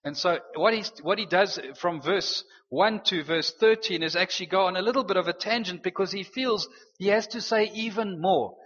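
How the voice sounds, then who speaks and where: A man preaching a sermon, earnest and animated, slipping in playful teasing asides. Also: high-pitched, normal speed. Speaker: pastor. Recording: dull, reverberant hall sound.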